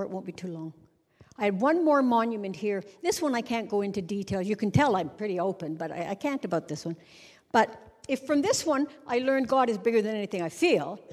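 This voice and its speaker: A middle-aged woman giving a humorous storytelling sermon at a conference, animated and conversational, sometimes breaking into song to make a point. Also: medium pitch. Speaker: conference speaker. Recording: long reverb of a large hall.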